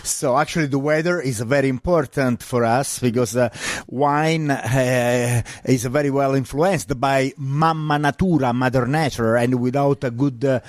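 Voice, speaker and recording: A man with an Italian accent, a wine brand ambassador answering interview questions in halting English with many pauses. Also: mid-range voice, no room sound, studio quality. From Italy. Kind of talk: interview guest.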